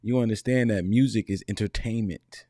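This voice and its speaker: A man's voice: lowish voice, fairly even intonation, moderate pace, warm tone, dry recording, studio quality. A man on a casual panel telling a story, loose and slangy, often cutting himself off. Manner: loose, rambling, slangy, self-interrupting.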